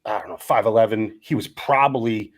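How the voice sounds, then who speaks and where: A middle-aged man co-hosting a podcast, telling lively stories and acting out the quotes. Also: on the low side, a little fast. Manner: animated storyteller acting out quotes. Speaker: podcast co-host. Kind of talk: casual storytelling chat.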